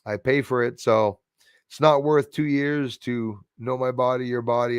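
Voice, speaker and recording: A man's voice: medium pitch, fairly even intonation, a little slow, smooth, no room sound, studio quality. A man hosting a casual livestream chat, rambling and reading out viewer comments. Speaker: livestream host.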